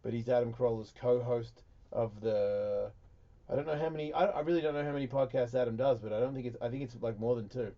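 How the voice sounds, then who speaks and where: A man's voice: mid-range voice, fast talker, highs cut off. A man hosting a radio talk show, rambling and swearing through crude banter. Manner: profane, rambling, loud bursts of laughter.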